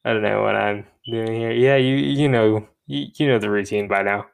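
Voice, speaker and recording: Gravelly young man rambling casually. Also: lowish voice, normal speed. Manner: rambling, self-deprecating, laughs at himself. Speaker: podcast co-host. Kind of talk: rambling solo podcast chat.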